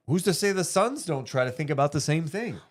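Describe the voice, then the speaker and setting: A man's voice: fairly high pitch, animated, brisk. A man co-hosting a casual sports talk livestream, working through standings math and reading viewer donations aloud. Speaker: sports podcast co-host.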